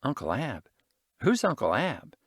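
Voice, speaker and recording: A man's voice: medium pitch, huge pitch swings, unhurried, slightly rough, dry recording, studio quality, full character voice. A man voicing an envious city urchin boy who talks in a grudging, slangy way. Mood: sulky, envious.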